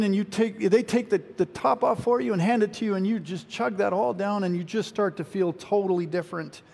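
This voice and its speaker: A man preaches a sermon in a high, husky voice, drawing his listeners into a story he builds step by step. He circles back to the same phrases and often restarts a sentence. His voice carries with a long reverb through a church hall. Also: a little fast, hardly any pauses, darkish tone. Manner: storytelling, guides listeners through an imagined scene; repeats phrases, frequent restarts. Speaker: pastor.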